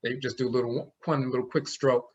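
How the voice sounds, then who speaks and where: A man's voice: medium pitch, level tone, normal speed, a little hiss or hum. A man giving a classroom lecture on an old script, explaining each sign and sounding out its letter. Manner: explanatory, demonstrates sounds aloud. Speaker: language teacher. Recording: dull lo-fi recording.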